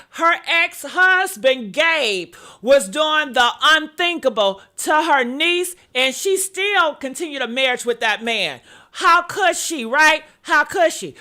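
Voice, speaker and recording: A woman hosting a live-stream celebrity gossip vlog, sassy and animated, calling her viewers honey. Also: sits high. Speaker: gossip vlogger. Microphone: earpiece.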